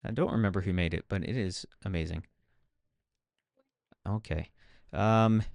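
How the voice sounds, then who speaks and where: Male streamer, self-mocking running commentary, smooth voice, dry close sound. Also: deep voice, measured pace, darkish tone, no room sound. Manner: chatty, self-mocking, talks to himself while playing. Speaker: game streamer. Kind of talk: casual gameplay commentary.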